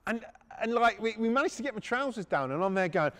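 A man telling crude, animated stories on a podcast, acting out moments with gasps and shouts. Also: high-pitched, fast. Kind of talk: casual storytelling.

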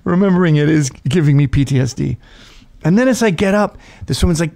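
Middle-aged male host, comic storyteller, high-ish voice that swings widely, laughs a lot. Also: brisk. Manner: lively, laughs often, acts out voices of others. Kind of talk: animated comedic storytelling.

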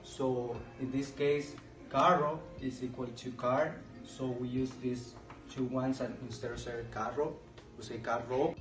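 A man's voice: mid-range voice, level tone, unhurried, fairly bright tone. Man explaining carefully, echoey. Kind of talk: explaining pronunciation. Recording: roomy, distant mic, faint music.

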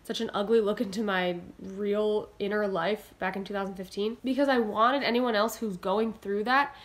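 A woman's voice: medium pitch, steady tone, moderate pace. A young woman talking earnestly to her camera in a vlog, encouraging and a little rambling. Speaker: singer-songwriter vlogger. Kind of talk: heartfelt direct-to-camera vlog talk. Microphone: camera mic, talking to camera.

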